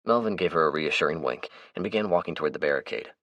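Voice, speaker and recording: A man narrating an audiobook in a steady, even storytelling manner. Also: very deep voice, fast talker, no echo. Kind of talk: scripted narration.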